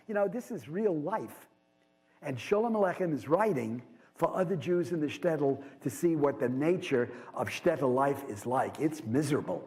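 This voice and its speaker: High-voiced man lecturing in a reverberant hall. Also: animated, normal speed, darkish tone, husky. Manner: conversational, digressive, explanatory. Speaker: literature instructor. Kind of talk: lecture with read-aloud passages.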